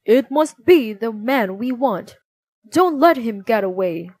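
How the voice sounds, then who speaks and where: A woman voicing angry male soldiers who shout and bark orders in a children's storybook. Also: on the high side, animated, slow pace, dry recording. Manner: loud, barking orders.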